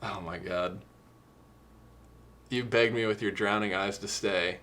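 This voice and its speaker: A man's voice: on the low side, steady tone, measured pace, bright, forceful tone. A young man co-hosting a podcast, talking about songs in a casual, earnest and emotional way. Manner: earnest, emotional, quotes lyrics. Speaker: podcast co-host. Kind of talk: casual music discussion.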